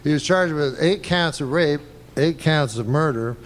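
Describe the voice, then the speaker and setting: A man works through a stand-up set in a dry, deadpan way, stumbling over fillers without any rush. His voice sits a touch high. The clip has clear background noise. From Canada. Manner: deadpan, relaxed, halting with fillers. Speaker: stand-up comedian. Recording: noisy archival stand-up clip.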